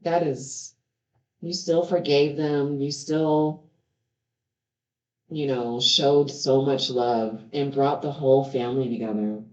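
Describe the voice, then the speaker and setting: A woman's voice: a bass voice, steady tone, slow, a little mellow. Earnest woman reading scripture, roomy sound. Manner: earnest, stops to react with heartfelt remarks. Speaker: Bible reader. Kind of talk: reading scripture aloud with personal commentary. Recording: roomy, slightly dull home recording.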